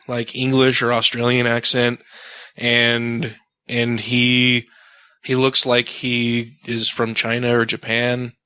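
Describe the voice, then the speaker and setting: A man co-hosting a podcast in loose, profane chat, his voice bright and forward. He rants with animated emphasis, and the sound is dry and close with no room around it. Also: medium pitch, smooth, dry recording. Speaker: podcast co-host. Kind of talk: casual chat.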